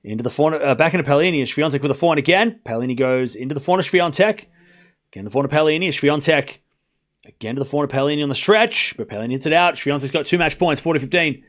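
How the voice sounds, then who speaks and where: High-voiced excitable male tennis streamer. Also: very fast. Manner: excitable, swings from quiet mutter to shouting. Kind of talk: live play-by-play commentary to chat.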